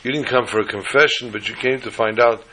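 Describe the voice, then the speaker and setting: A man giving a storytelling sermon as a religious teacher, animated and emphatic, piling up repeated phrases. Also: mid-range voice, fast, husky, poor audio.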